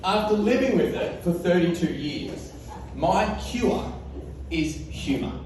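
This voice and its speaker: A man's voice: sits high, animated, slow, darkish tone, very echoey, recorded from a distance, slight background noise, poor audio. A man in his thirties with an Australian accent, giving a comic keynote talk on stage, laughing often and acting out voices in his stories. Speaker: keynote speaker. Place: large hall with live audience.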